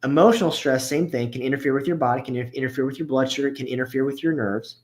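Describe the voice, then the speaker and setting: A man's voice: mid-range voice, very fast. A man giving a casual, conversational health workshop as a chiropractor, often restarting his sentences and stressing his key points. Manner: casual and conversational, with frequent restarts and filler words. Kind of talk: informal health workshop talk.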